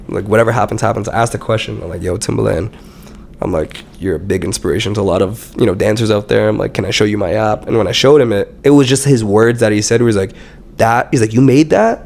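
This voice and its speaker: Lively young man telling a story. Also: fairly low pitch, fast, vocal fry, slight background noise. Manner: animated storyteller who acts out quotes with lots of swearing. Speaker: startup founder, podcast guest. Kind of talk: casual interview chat.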